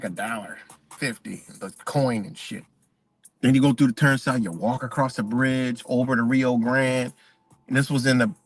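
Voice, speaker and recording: Casual male streamer, slightly high voice, swearing and rambling, dry close mic. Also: a bit bright, no echo. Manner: profane, rambling, emphatic storytelling. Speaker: live streamer. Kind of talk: casual ranting monologue.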